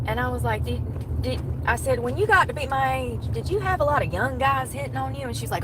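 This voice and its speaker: A woman's voice: sits high, animated, brisk. Chatty woman driving, road noise. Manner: chatty, laughs often, drawling. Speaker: livestreamer. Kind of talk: casual chat while driving. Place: in a car. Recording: car and road noise behind.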